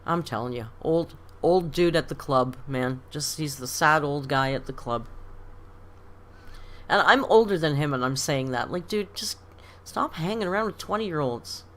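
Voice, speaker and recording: A woman's voice: deep voice, lively intonation, measured pace. A middle-aged woman from Canada hosting a casual live stream, reading comments aloud and telling stories with frequent laughs. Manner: chatty storytelling, laughs often. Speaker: livestream host.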